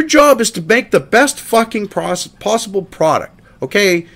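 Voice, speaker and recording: A man's voice: high voice, expressive, measured pace, creaky, few pauses, fairly bright tone. A man hosting a commentary show, ranting profanely and mocking a statement as he reads it aloud.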